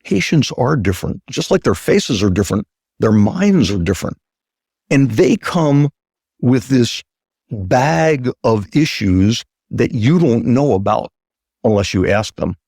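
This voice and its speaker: A man's voice: mid-range voice, lively intonation, a little slow, a little mellow, breathy edge, no echo, clean studio sound. A man speaking as a plastic surgeon guest in an interview, emphatic and repeating his key points, acting out the voices of patients and doctors as he tells his stories. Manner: emphatic, acts out quoted patient and doctor talk. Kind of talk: conversational interview talk.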